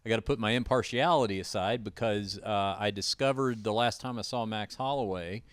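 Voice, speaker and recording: A man's voice: fairly low pitch, brisk, smooth, no room sound. A man hosting a casual podcast chat from a house, telling stories with plenty of "uh" fillers and restarts. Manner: rambling storyteller, many uh fillers. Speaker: podcast host.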